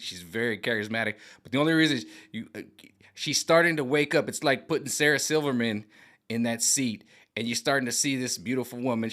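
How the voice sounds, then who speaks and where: Man, vlog rant, bright voice, animated, mocking. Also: medium pitch. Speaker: vlogger. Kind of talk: ranting monologue. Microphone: camera on gimbal.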